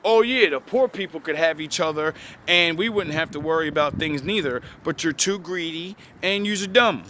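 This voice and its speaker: A young man, delivering a blunt, profane, preachy motivational rant outdoors by a street. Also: on the high side. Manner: blunt, heavy cursing, preachy. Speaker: video creator. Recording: noisy outdoor street recording.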